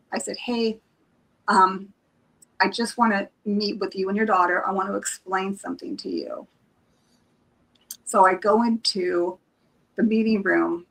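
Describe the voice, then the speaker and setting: The recording is rough, carrying a woman's medium-pitched, fairly bright voice. As a psychic reader guest on a live stream, she tells a personal story in an easygoing, emotional style. She backtracks many times and acts out the things people said.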